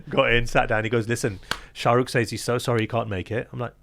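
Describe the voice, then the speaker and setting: A man's voice: mid-range voice, fairly quick, creaky, slight background noise. A man in his thirties from London, a magician, telling stories in a casual interview and acting out the quoted lines of other people. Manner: animated, acts out quoted dialogue, laughs often. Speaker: magician guest.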